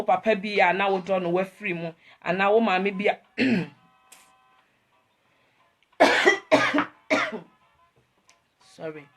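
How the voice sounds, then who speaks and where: A woman, hosting an emotional live talk to her viewers, rambling and repeating herself as she switches between English and Twi. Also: lowish voice. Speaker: online host talking to viewers.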